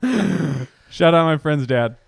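A man's voice: on the high side, animated, takes it slowly, creaky, no echo. A man co-hosting a podcast, telling stories in casual chat, laughing often and acting out voices. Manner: acts out voices in anecdotes. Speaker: podcast co-host.

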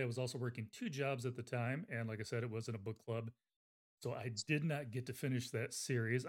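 A man hosting a casual livestream book interview, chatty and rambling with fillers. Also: mid-range voice. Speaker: interview host.

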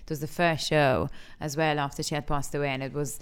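A young adult actress from Malta, speaking openly and with feeling in an interview, laughing easily. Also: female voice, deep voice, little pitch movement, a little fast, clean tone. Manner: candid and emotional, laughs easily. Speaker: actress and TV talent show judge. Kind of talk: frank interview conversation.

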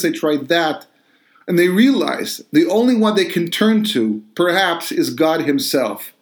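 A man's voice: fairly high pitch, echoey room. Earnest man talking about his books. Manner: earnest, explanatory storytelling. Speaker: author.

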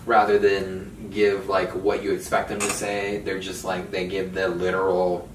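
A young man hosting a casual podcast chat, animated, working through his notes and breaking into laughter. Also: sits low, a little slow. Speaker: podcast host. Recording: echoey room, mic far off, faint noise.

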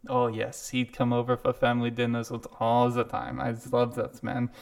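A man's voice: medium pitch, completely flat delivery, normal speed, gravelly, lightly acted. A man voicing a gushing, affectionate family friend who chuckles as he praises a rescuer.

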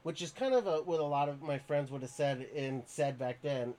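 A man's voice: a little high, normal speed, mellow. A man, a podcast guest, tells a story in a casual, rambling way with lots of fillers and restarts.

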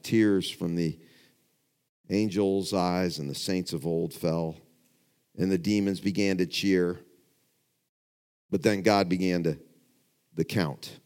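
Middle-aged male pastor, lowish voice, preaching in church, drops to a hush then builds to emphatic questions. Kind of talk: sermon. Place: church before a congregation.

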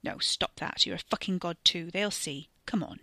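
A man's voice: high voice, moderate pace, pushed and bright, no room sound, heavily acted. A woman voicing a cocky, foul-mouthed male cultist who swears constantly. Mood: cocky, defiant. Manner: crude, boastful, swears constantly.

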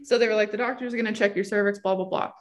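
A woman's voice: medium pitch, racing. A young woman and mom casually telling a story, acting out quotes with lots of "like". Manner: animated storyteller, acts out quotes, many "like"s. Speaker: mom sharing her birth story. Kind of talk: casual chat.

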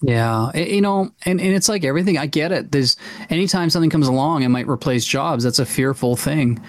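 Co-hosting a tabletop gaming podcast, a man chats casually and enthusiastically, full of fillers and restarts. His voice is on the high side and a little fast, in a dry recording.

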